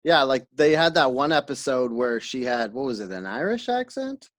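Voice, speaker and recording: A man hosting a casual podcast chat, talking quickly and laughing often. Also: mid-range voice, sing-song, fairly bright tone. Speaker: podcast host.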